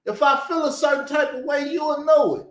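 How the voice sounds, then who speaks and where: A man's voice: very high voice, fairly quick, roomy sound. A man talking bluntly and heatedly in a casual chat, swearing often and stressing his words. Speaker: show host.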